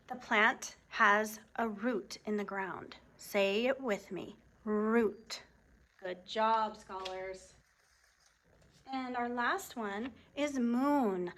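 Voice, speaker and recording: Woman teacher doing a phonics lesson, slightly high voice, talks slow and really clear. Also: fairly bright tone. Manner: slow, clearly enunciated, encouraging teacher talk.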